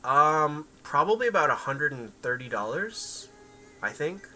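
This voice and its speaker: A man streaming games who talks in a loose, rambling way, answering chat as he plays. His voice is very bright and sharp-edged. Faint music plays under him. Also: fairly high pitch, big pitch swings, a little slow, poor audio. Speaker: game streamer. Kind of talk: casual livestream chat.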